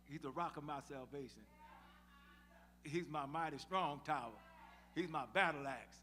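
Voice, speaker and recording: A man's voice: on the high side, moderate pace, sharp tone, soft background music. A man preaching a sermon, telling a Bible story in voices and calling on the congregation to answer back. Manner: call-and-response preaching, storytelling with acted voices. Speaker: pastor. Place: church sanctuary. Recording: live church sound with long reverb.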